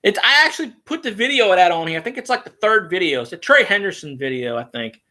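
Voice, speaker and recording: New guy rambling on his vlog, cussing a lot, sharp bright voice. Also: high voice, fast. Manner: rambling, profane, excitable. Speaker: vlogger and sports fan. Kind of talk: rambling casual monologue.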